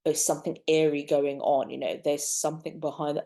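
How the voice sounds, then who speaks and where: A young woman talks straight to camera in an animated, exasperated rant. Her voice sits on the low side, with a mellow, soft tone. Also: a little fast. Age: young adult. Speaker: vlogger. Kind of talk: casual opinion commentary.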